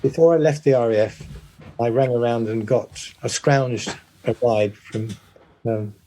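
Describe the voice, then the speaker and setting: An older man from the United Kingdom, a former pilot, chatting in an interview in a hesitant, halting way with many restarts. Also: medium pitch, fairly even intonation, dark tone, a little hiss or hum. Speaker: guest, former RAF bomber pilot. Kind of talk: casual interview chat.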